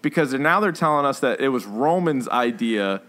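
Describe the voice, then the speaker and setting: A man co-hosting a podcast, chatting casually about films in a rambling way, full of fillers and animated retellings. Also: mid-range voice, normal speed. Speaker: podcast co-host. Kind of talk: casual chat reviewing films.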